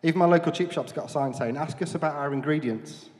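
A man's voice: a little high, quick pace, darkish tone, in a large hall. A man in his forties with a Black Country accent doing a self-deprecating stand-up set at a comedy club, chatting with the crowd between jokes. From Dudley, England. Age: 40s. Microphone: handheld mic.

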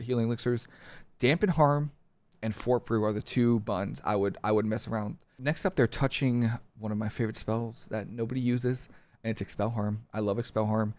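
A man chats through game update notes in a casual, opinionated ramble, stopping and restarting his sentences. His voice sits at an ordinary middle pitch. The recording is dry, with no room sound. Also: a little mellow, no room sound. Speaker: streamer reviewing game patch notes. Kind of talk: casual commentary.

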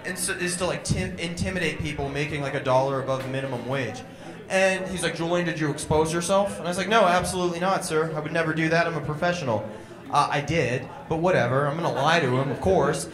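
A man's voice: on the high side, fast, reverberant, crowd noise. A young man performing a crude, irreverent stand-up comedy set, mocking and blunt. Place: comedy club stage.

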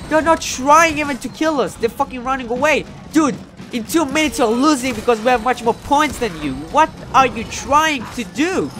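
A male gamer talks through his match in an animated voice that swings widely in pitch. He shouts and curses when things go wrong. A little game music plays softly under his voice. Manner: excitable, swears, loudly frustrated during matches; calmer and hesitant when reflecting after the match. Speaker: gameplay commentator. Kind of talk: live gameplay commentary.

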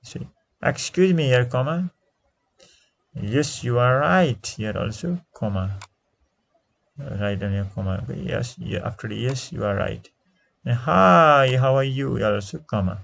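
A man with a Nepali accent teaching an English lesson, repeating each answer slowly and switching into Nepali to explain. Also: mid-range voice, expressive, gravelly, a bit bright.

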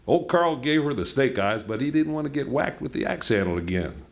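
A man reading a novel aloud at a book event in an unhurried, plainspoken way. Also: medium pitch, expressive, creaky. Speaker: reader.

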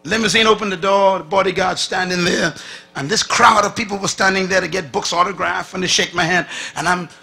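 A man preaching a sermon, telling a story with lively acted-out dialogue and sudden drops from loud to hushed. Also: sits high, a little fast, vocal fry, husky. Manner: animated, acts out dialogue, swings from loud to hushed.

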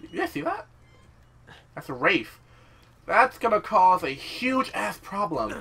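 A young man giving casual, rambling let's-play commentary, excitable and swearing often. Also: high voice, slow, gravelly, pauses often, husky. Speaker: gameplay commentator.

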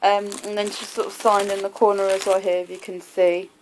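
A woman's voice: mid-range voice, level tone, a little fast, a little mellow, a little hiss or hum, rough recording. Chatty young woman vlogging. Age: 20s. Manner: chatty and rambling, many fillers like um and like. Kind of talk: casual haul video.

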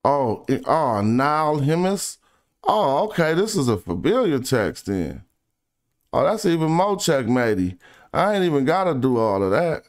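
Smooth-voiced man thinking aloud over research. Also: fairly high pitch, very animated. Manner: thinks aloud, reads passages slowly, drifts into quiet asides. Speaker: independent researcher presenting online. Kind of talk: casual screen-share research commentary.

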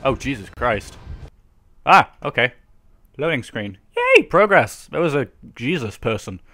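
A gamer commentating as he plays, with a bright, forceful voice at a middle pitch. He keeps up a running stream of sarcastic jokes aimed at the game. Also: animated, measured pace. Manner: sarcastic, joking asides. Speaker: let's play host. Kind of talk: gaming commentary.

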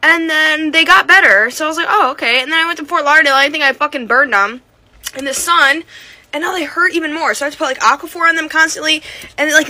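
A woman's voice: sits high, sharp tone. A young woman college student chatting while getting ready, complaining in a casual tone and swearing now and then. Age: young adult. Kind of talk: chatty get-ready-with-me vlog.

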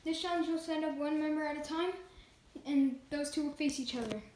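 A woman hosting a pretend competition show, playful and halting, with frequent fillers. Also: sits high, darkish tone, reverberant, a little hiss or hum, poor audio. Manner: halting, with many fillers and restarts. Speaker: host of a toy competition show.

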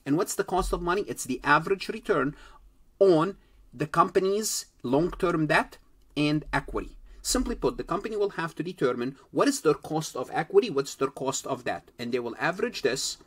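A man's voice: a little high, lively intonation, breathy edge. A man teaching an accounting lecture to students, explaining step by step and repeating key points for emphasis. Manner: speaks directly to students, pauses on key terms. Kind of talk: recorded lecture.

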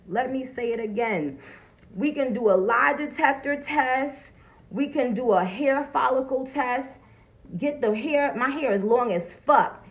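A woman, streaming live from her phone. Her voice is gravelly, and she talks loud, salty and animated. She breaks off often to greet her viewers. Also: high voice, a little slow, poor audio. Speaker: livestream host. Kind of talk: casual livestream talk.

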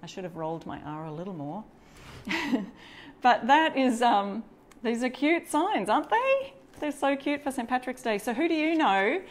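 A woman's voice: medium pitch, slight background noise. An Australian woman chatting casually through a live craft tutorial, showing stencils and greeting viewers as she works. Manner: chatty, greets and reads out viewer comments while working. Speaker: DIY crafter hosting a live stencil demo.

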